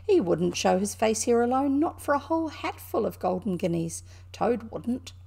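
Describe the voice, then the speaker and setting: A woman with a New Zealand accent voicing a good-natured, brave male water rat in a storybook, brisk and reassuring. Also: on the high side, big pitch swings, vocal fry, warm tone, breathy edge, heavily acted. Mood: amused.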